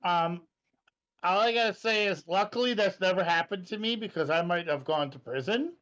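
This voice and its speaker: Guy with a pretty high voice, earnest, sounds kinda muffled and lo-fi. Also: moderate pace, a bit bright. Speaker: podcast co-host. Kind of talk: casual chat. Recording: dull lo-fi mic.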